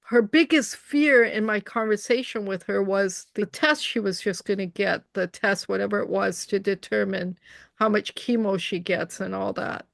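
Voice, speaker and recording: A woman's voice: mid-range voice, moderate pace, creaky, dry recording, studio quality. A woman from Canada in a casual online conversation, earnestly telling stories about her spiritual experiences over a video call. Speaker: interviewer.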